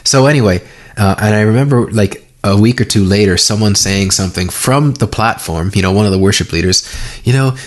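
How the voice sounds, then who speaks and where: Low-voiced man hosting a casual podcast. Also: brisk. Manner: loose, rambling, with many fillers. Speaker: podcast host. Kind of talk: casual conversation.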